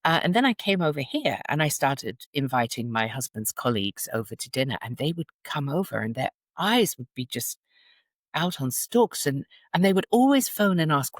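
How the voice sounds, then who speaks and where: Lively British woman telling stories. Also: deep voice, moderate pace, no room sound. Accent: British English. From England. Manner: animated storytelling, laughs often. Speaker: guest. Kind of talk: casual interview chat.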